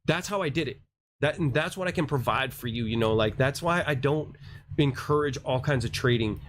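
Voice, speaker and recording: A man's voice: mid-range voice, moderate pace, slight background noise. A man hosting a crypto livestream, ranting casually in a rambling, slangy, self-mocking way.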